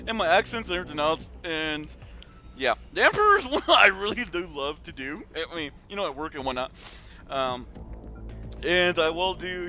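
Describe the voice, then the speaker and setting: A man's voice: sits high, pushed and bright. A man streaming a game live, chatting casually, reading viewer comments aloud and laughing often as he calls people dude.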